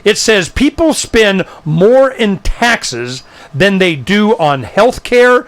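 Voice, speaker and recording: A man hosting a live talk show, ranting in a blunt, emphatic way. His voice sits high for a man and swings widely as he spins one story into the next. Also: big pitch swings, takes it slowly, a bit bright.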